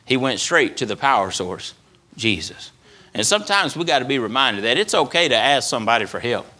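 A man's voice: mid-range voice, very animated, fairly quick, bright, forceful tone. A man preaching a sermon as pastor, repeating phrases for emphasis and letting his voice rise and fall. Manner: preaching with rising and falling emphasis.

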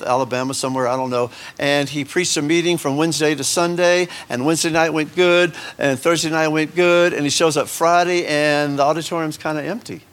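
A man's voice: fairly high pitch, fairly bright tone. Chatty man teaching a Bible lesson. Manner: conversational, joking asides, many fillers and restarts. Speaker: Sunday school teacher. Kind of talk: casual Bible lesson to a congregation.

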